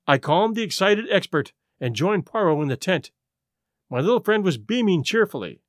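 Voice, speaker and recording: A man reading a story aloud in measured first-person narration. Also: high-pitched, very animated, no echo, studio quality. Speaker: audiobook narrator.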